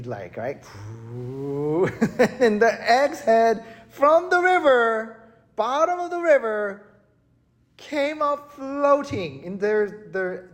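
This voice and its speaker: A preacher gives a relaxed, conversational sermon at an unhurried pace. The delivery is animated and talky, and the speaker keeps turning to the listeners for agreement. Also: medium pitch. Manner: animated, chatty, keeps asking "right?". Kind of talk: casual conversational sermon storytelling. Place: church worship service.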